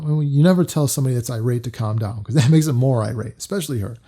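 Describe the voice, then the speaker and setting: A middle-aged man recounts a personal story in a loose, rambling way, leaning on fillers and restarts. His voice is mellow and dark, with a middling pitch. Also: racing, few pauses.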